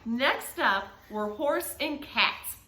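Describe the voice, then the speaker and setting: A woman reading a picture book aloud to children, animated and asking them questions. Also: a little high, very slow, roomy sound. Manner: animated, asks the listeners questions. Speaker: reader to children.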